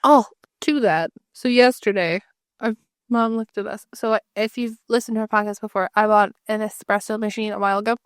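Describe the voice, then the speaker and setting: A woman co-hosting a podcast in casual chat, telling family stories with lively acted-out quotes. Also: medium pitch, brisk, smooth, no room sound, clean studio sound. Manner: animated storytelling, acts out quotes. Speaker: podcast co-host.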